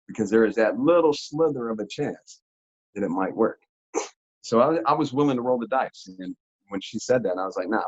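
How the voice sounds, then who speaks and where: Husky low-voiced man telling a story. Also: dull audio. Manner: animated, slangy, laughs often. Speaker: interview guest. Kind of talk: casual storytelling.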